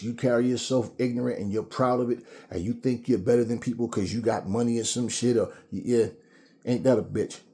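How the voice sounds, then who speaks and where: A man's voice: mid-range voice, dark tone. A man giving a blunt, profane, angry rant to the camera, repeating words when heated. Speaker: commentator.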